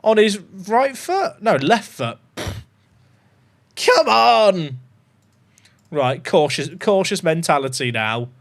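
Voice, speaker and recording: A young man talks through a football management game in a chatty, jokey way. His voice sits high and swings widely in pitch. He breaks into loud excited shouting. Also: a little slow. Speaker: gaming YouTuber.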